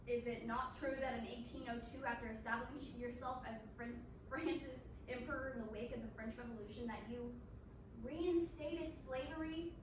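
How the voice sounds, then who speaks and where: A woman's voice: fairly high pitch, normal speed, noisy background, close to an everyday voice. Stern council judge played by a woman. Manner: formal, deadpan verdicts. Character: stern female council member judging a trial. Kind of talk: student stage reading. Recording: echoey room from a distant mic.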